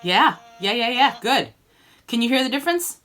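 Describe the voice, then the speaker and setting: A woman's voice: fairly high pitch, a little fast, a bit bright. Woman singing teacher coaching students. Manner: encouraging, coaching students by name and demonstrating sung vowels. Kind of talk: online group singing lesson.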